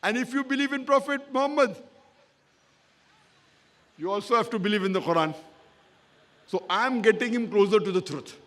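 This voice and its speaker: An Islamic lecturer answers an audience member in a public question-and-answer talk, his high-pitched, slightly bright voice moving at normal speed with long pauses. He's emphatic and repetitive, often checking agreement with "correct?"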